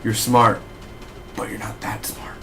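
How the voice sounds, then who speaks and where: A man voicing a menacing, soft-spoken male villain scientist, low and quiet. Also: flat delivery, moderate pace, music in the background, lightly acted. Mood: quietly menacing.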